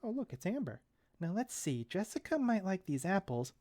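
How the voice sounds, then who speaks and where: A man's voice: sits high, big pitch swings, normal speed, mellow, no echo, studio quality. A man in his thirties reading a comic aloud and commenting on it in a chatty way, with wry asides.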